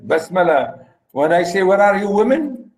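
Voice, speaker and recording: Older man lecturing slowly, emphatic. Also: high-pitched, a little mellow, rough recording. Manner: emphatic, repeats phrases, restarts often. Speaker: literature lecturer. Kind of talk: university lecture.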